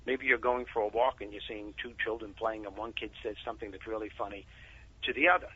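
Lively man on a muffled phone line. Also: lowish voice, fast, husky. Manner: animated storyteller. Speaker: guest author. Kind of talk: casual phone interview.

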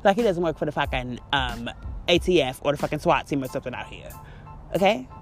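A woman's voice: low-pitched, expressive, fast talker, faint music behind. A woman hosting a podcast, telling an exasperated story in a profane rant and acting out the dialogue. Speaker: podcast host. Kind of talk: ranting monologue.

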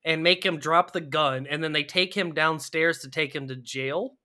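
A man's voice: on the high side, normal speed, pushed and bright. A man co-hosting a casual podcast, retelling scenes with swearing and playful impressions of the characters. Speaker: podcast co-host.

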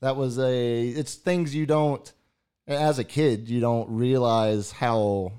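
A man's voice: medium pitch, fairly even intonation, takes it slowly, mellow, clear, resonant tone. A man co-hosting a podcast, talking in casual chat with hesitant, filler-filled speech. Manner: hesitant, filler-heavy, reflective. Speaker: podcast co-host.

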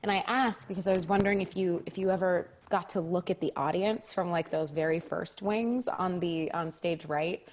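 A young adult woman, a stage actress guest in a casual interview chat, telling animated stories and acting out children's reactions. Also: lowish voice, moderate pace, hardly any pauses. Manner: animated storyteller, acts out kids' reactions.

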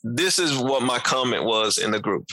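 Animated man chatting about music. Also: medium pitch, moderate pace, dry recording, poor audio. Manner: animated, laughs often, loose slang. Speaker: podcast co-host. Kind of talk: casual music review chat.

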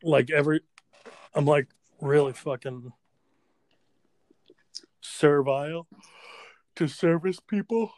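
A man's voice: a little high, takes it slowly, pauses often, darkish tone, no room sound. A man co-hosting a podcast in casual, profane chat and trading crude jokes with his friend. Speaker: podcast co-host.

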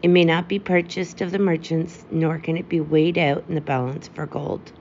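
A woman's voice: sits low, fairly even intonation, normal speed, darkish tone. A woman voicing a devoted female nightingale in a storybook reading, speaking in an earnest, lyrical way. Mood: tender. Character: devoted female nightingale, tender and self-sacrificing. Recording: dull lo-fi with faint hiss.

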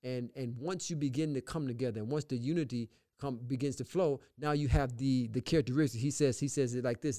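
A man's voice: mid-range voice, fast talker, hardly any pauses, mellow. A man in the pastor role on a faith talk show, speaking with an emphatic, repetitive preacher cadence and reading scripture aloud. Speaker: pastor and podcast co-host.

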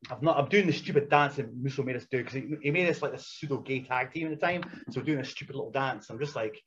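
A man with a slightly raised pitch tells profane, animated stories in a casual way. The recording is dull and lo-fi, with a faint hiss running underneath. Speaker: former wrestler. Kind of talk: casual storytelling. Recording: dull lo-fi sound with faint noise.

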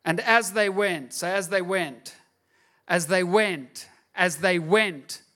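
A man's voice: high-pitched, takes it slowly, bright, forceful tone. A male pastor giving a sermon in a conversational, joking way, often asking the crowd "right?".

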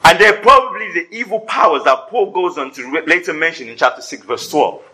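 A pastor preaching a sermon to his congregation, animated and joking in asides. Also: on the high side, a little fast, breathy edge, poor audio. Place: church service before a congregation.

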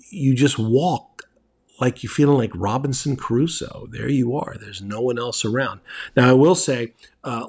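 A man's voice: medium pitch, darkish tone, breathy edge. A middle-aged man telling casual, rambling travel stories as host, with lots of fillers and restarts.

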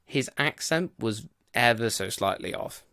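A man's voice: medium pitch, expressive, a little slow, pushed and bright, no room sound, clean studio sound. A man giving a casual spoken film review, rambling and loose with plenty of "like" and "you know".

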